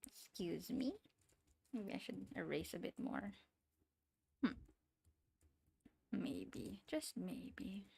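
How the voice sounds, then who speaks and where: A woman's voice: mid-range voice, lively intonation, extremely slow, gravelly, pauses often, a little mellow, husky. A woman streamer with an accent, chatting casually while she draws, rambling and talking to herself with small giggly asides. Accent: non-standard English accent. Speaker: VTuber streamer. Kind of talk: casual chat while drawing.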